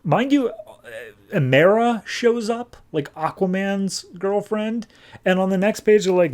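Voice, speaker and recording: A man's voice: sits high, slow, darkish tone. A man hosting a podcast, casually recapping a comic book and paraphrasing the characters in slangy, offhand dialogue. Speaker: podcast host.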